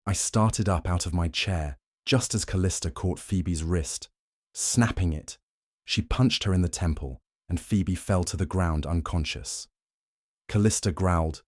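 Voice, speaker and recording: A man reading a werewolf romance novel aloud, steady and even, in a very deep voice. The recording is close and dry, with no room sound. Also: a little slow, no room sound. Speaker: audiobook narrator. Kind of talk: scripted first-person narration.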